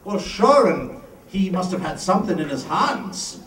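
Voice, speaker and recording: A man putting on a loud bartender. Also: sits high, sing-song, a little slow, heavily acted. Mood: incredulous. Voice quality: loud, exclaiming brogue. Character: blustery Irish pub bartender, older man. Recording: echoey hall, distant mic, music.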